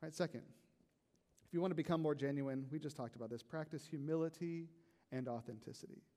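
A man preaching a sermon as a pastor, in a conversational, animated way with frequent "right?" asides. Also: a little high, fairly quick, in a large hall.

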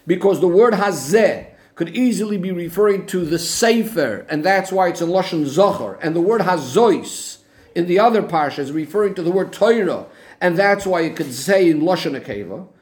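Guy a high voice teaching a torah text, keeps asking why and answering himself. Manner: questioning, methodical, rhetorical back-and-forth. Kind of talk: Talmudic-style text analysis lesson.

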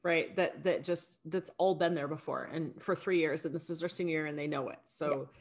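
A woman with a slightly low voice talks through her coaching in a relaxed, conversational way. She leans on fillers like "like" and laughs lightly between thoughts. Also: fairly quick. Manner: chatty, frequent likes and laughs. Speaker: high school girls' team coach. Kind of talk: casual conversation.

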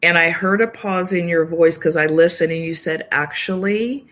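A woman guest in an interview, talking calmly and explaining at length, now and then acting out short quoted thoughts. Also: lowish voice, normal speed. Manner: calm, explanatory, acts out little quoted inner voices. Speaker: yoga nidra practitioner and guest. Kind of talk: casual interview conversation.

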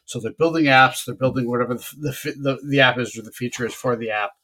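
Guest expert, man, relaxed explainer, plain conversational voice. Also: medium pitch, fast. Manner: explanatory, relaxed, uses examples. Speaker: database consultant guest. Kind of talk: casual podcast interview.

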